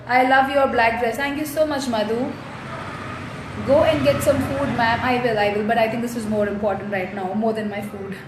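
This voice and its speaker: Young woman with a fairly high voice, reading fans' comments aloud and answering them in easy casual chat; the sound is roomy. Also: steady tone, moderate pace. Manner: reads out fan comments and replies chattily. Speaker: actress answering fans. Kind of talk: casual live fan Q&A. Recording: roomy echo, faint noise.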